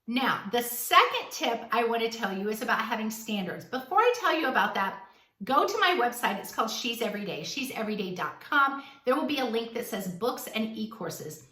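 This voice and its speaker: A woman's voice: on the high side, sing-song, brisk, pushed and bright, reverberant, far from the mic. Woman host, dating advice talk, emphatic and direct, recorded a little off-mic. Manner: blunt, emphatic, acts out quoted dialogue.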